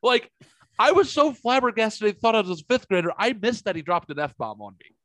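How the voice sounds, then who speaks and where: A man in his forties spins a story in a casual podcast chat. He acts out every line of dialogue with big swings in pitch and drops curse words freely. The room sounds close and dry. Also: brisk, dry recording. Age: 40s. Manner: animated storyteller, acts out quotes, swears freely. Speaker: podcast co-host.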